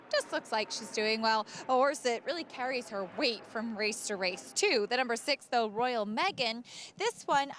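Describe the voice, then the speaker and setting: A woman's voice: on the high side, a little hiss or hum. A woman giving paddock analysis of racehorses for a racing broadcast, in a conversational way with occasional fillers. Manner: conversational, lively, with some fillers.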